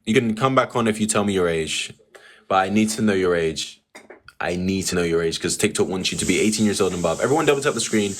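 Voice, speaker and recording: A man hosting a live online debate stream, talking in a calm, condescending way and repeating phrases slowly. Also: sits low, a little hiss or hum. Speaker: livestream debate host.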